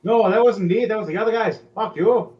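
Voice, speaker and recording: A man's voice: sits high, brisk, lo-fi sound, faint music behind, voice pushed up, natural voice. A man voicing a foul-mouthed, irritable male wizard who curses constantly. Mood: indignant. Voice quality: crude, swearing, cranky.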